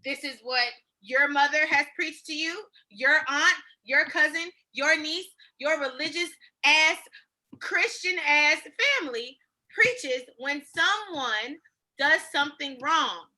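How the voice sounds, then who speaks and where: A woman's voice: high-pitched, takes it slowly. A woman co-hosting a podcast in casual, slangy chat, often acting out what others said. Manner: animated, slangy, acts out quotes. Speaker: podcast co-host.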